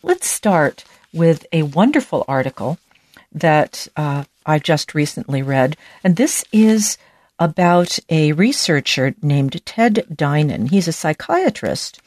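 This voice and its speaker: A woman with a low, grounded voice hosts a health podcast as a doctor. She explains research in a chatty, folksy manner, with casual asides along the way. The sound is dry and close, with no room around it. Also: big pitch swings, slow pace, a little mellow, no room sound. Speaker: host, medical doctor. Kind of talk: scripted health podcast talk.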